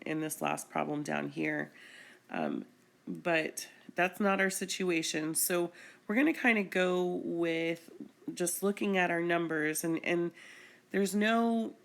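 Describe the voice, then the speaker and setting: A woman's voice: fairly low pitch, vocal fry. A woman chemistry teacher explaining a screencast lesson patiently, step by step.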